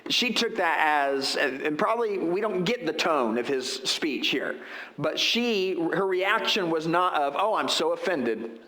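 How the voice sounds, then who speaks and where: Pastor, male, fairly high bright voice, chatty preaching with asides, roomy church sound. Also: expressive, a little slow. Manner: conversational preaching with rhetorical asides. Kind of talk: sermon. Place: church sanctuary.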